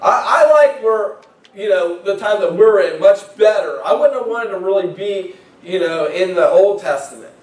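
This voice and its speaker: A man's voice: sits high, expressive, normal speed. A male pastor preaching a sermon in a conversational way, often repeating words as he starts a phrase. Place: church sanctuary. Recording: echoey church from far off.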